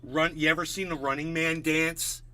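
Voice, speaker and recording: A man with a bright, forceful voice talks in a loose, rambling way, full of "like" and "bro". His voice sits a little high for a man. It is a relaxed, casual music chat. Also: normal speed. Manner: rambling, says "like" and "bro" a lot.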